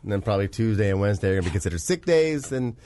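Fast-talking male radio host. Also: on the low side, expressive, mellow. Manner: quick, joking banter. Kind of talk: casual radio chat. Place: radio studio.

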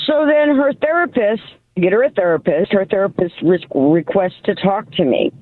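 A woman calling in to a radio show, telling her story in a lively way and acting out what she said to her kids. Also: on the low side, moderate pace. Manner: animated storyteller acting out her own quotes. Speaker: caller. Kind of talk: phone-in story. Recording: tinny phone line.

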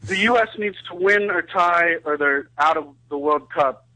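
Man, phone-in caller, bright tone, slightly high, hesitant earnest talk. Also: moderate pace, dry recording, poor audio. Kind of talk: phone-in chat.

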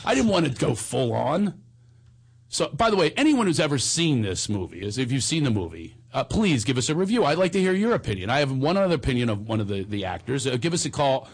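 A man's voice: mid-range voice, sing-song, a little fast, slightly rough. A man hosting a call-in podcast, chatting casually and ranting with comic energy. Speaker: podcast host taking calls. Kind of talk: casual chat.

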